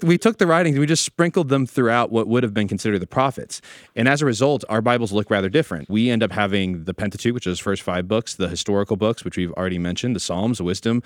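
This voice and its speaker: A man's voice: on the low side, fast talker, dry recording, studio quality. A man co-hosting a Bible podcast, explaining with energy and a joking streak in a casual discussion. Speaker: podcast co-host teaching about the Bible.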